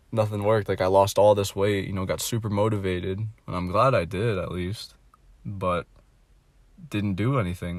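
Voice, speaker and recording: A dejected young man venting in a candid monologue, mumbling and swearing, trailing off into quiet asides. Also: dry recording. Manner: mumbling, trailing off, heavy swearing, mocks others in a high voice.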